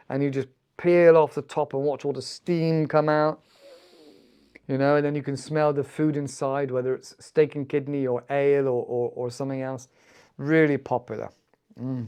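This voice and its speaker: A middle-aged man hosting a podcast, chatting in a relaxed way with lots of fillers and restarts. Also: a little high, smooth. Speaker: podcast host. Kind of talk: casual talk for English learners.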